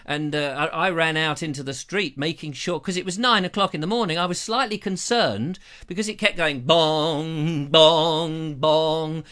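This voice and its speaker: A man's voice: on the high side, a little fast, hardly any pauses. A middle-aged English man with an English accent, telling a rambling story on a live stream and acting out bells and voices. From England. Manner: animated, mimics bell sounds and voices. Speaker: vlogger hosting a live stream. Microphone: lavalier.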